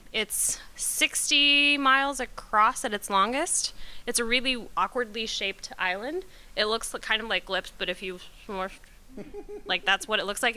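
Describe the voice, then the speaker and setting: A young woman from Curaçao gives a relaxed slide presentation, chatty and self-deprecating, with plenty of ums and side remarks. Her voice is bright and smooth, with a clean, clear tone. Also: a little high. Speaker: presenter at a company talk.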